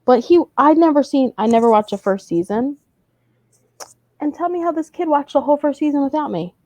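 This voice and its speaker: Young woman, podcast co-host, casual chat, lively swooping pitch, warm mellow tone, dry close sound. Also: fairly quick, dry recording. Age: young adult. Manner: animated storytelling, acts out kids' voices.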